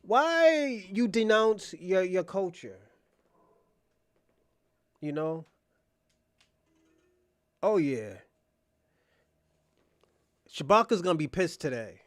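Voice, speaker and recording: A man with a notably high speaking voice hosts a casual live stream. He talks straight to viewers by name, needling and teasing them in a loud, crude, mocking way. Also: very animated, extremely slow, pauses often. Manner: brash, mocking and profane, addressing chatters by name. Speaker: livestream podcast host.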